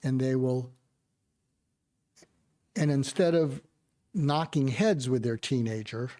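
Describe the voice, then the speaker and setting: An older man, a psychiatrist, telling a personal story in a gentle, reflective way during an interview. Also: mid-range voice, slow pace, dry recording, clean studio sound. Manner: gentle, reflective storytelling with soft quoted asides. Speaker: psychiatrist guest. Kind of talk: storytelling in conversation.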